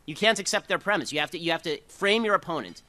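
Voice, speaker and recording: A man giving a fast, combative talk to a live audience, with sarcastic asides. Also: a little high, lively intonation, pushed and bright.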